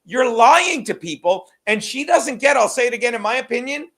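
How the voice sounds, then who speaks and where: A man's voice: very high-pitched, lively intonation, a little fast, few pauses, fairly bright tone. A man co-hosting a podcast, talking in a crude, rambling, joking way. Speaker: podcast co-host. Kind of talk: casual podcast chat.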